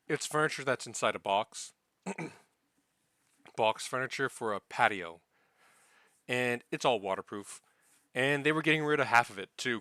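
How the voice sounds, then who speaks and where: A young man spins a rambling, profanity-laced story about his week at work, now and then acting out what other people said. His voice is bright and crisp, and the recording is dry and close. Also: fairly low pitch, dry recording. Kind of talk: casual spoken anecdote.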